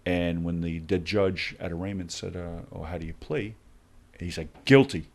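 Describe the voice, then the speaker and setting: Deep-voiced man telling a story. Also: moderate pace, vocal fry. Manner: animated storyteller acting out dialogue. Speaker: guest, former hostage negotiator. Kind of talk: storytelling in a podcast interview.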